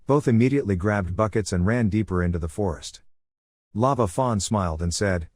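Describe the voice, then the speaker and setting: A man reading a scripted story recap in a flat, even narration style on a close mic. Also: fairly low pitch, fairly quick, no echo.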